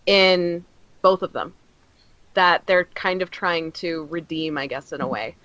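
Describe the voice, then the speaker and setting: A comics podcast co-host chats casually in a fairly low, slightly bright voice, a little slowly. She rambles and gushes, using lots of fillers and acting out scenes as she retells stories. The recording is muffled, with no room sound.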